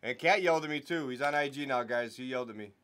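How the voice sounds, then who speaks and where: A man's voice: mid-range voice, fast, fairly bright tone. A young man hosting a live sports card break, talking casually and joking with his viewers. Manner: chatty, jokes with viewers and talks sports. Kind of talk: casual live stream chat.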